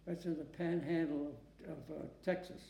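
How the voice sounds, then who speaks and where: A very old man from Massachusetts with a dark, gravelly voice, recalling his past in an oral history interview. He talks in halting starts, repeating words and often asking to hear the question again. The recording carries the echo of a room in his home. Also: on the high side, fairly even intonation, slight background noise. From Massachusetts, USA. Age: 90s. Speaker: war veteran interviewee. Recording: echoey room.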